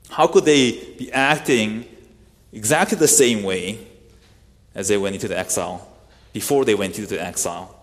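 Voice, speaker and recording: A man's voice: fairly low pitch, moderate pace. A man preaching an expository sermon, explaining a scripture passage in an earnest teaching manner and asking rhetorical questions. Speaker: pastor. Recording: long hall reverb.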